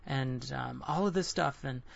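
A man in his twenties giving an earnest, candid personal devotional sermon, halting and restarting often. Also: mid-range voice, vocal fry. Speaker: Christian devotional speaker. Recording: dull lo-fi dry recording.

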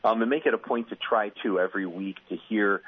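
A man telling stories in a relaxed radio conversation, lively and acting out quotes with a chuckle. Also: lowish voice, fast talker, slightly rough. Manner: animated storyteller, acts out quotes with laughs. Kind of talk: conversational radio chat, storytelling. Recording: phone-like radio broadcast audio.

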